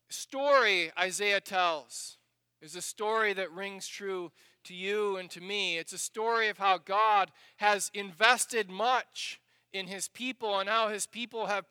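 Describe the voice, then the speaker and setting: A man preaching a sermon, dramatic, dropping to a hush and then rising to loud emphasis as he acts out passages. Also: high voice, smooth, dry recording. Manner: dramatic, shifts between hushed and loud; acts out the scripture passages he reads.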